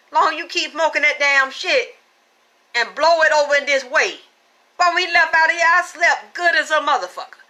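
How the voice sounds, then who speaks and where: A middle-aged woman giving a spiritual reading, telling a story in blunt, salty, animated language. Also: sits high. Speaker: spiritual reader. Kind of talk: profane storytelling chat.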